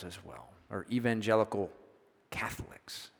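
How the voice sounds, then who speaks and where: A man's voice: fairly low pitch, fairly even intonation, normal speed. A man preaching a sermon in a church, conversational and often checking in with his listeners. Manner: conversational, keeps asking "right?". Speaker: pastor. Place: church sanctuary. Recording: long hall reverb.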